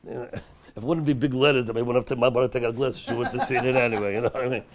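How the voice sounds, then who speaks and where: A middle-aged rabbi teaches a storytelling Torah class in a synagogue study hall, speaking quickly in a steady, medium-pitched voice. He is chatty and anecdotal, dropping to a hush at the dramatic moments of his stories, with background noise present.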